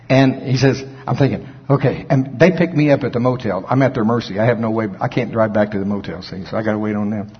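A man preaching a storytelling sermon and telling folksy, animated anecdotes. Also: medium pitch, big-room sound, dull audio. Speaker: pastor.

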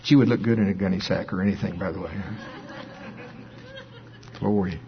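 An older man preaching, telling a story with lively quoted dialogue, his voice jumping high when he acts out phone calls. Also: normal speed, dull audio, noisy background. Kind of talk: sermon storytelling.

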